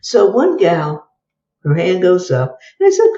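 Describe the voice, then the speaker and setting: An older woman, a psychologist, telling case stories as an interview guest and acting out the dialogue in a lively way. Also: fairly low pitch, a little slow, far from the mic. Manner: lively storyteller who acts out the dialogue. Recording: roomy, dull sound from away from the mic.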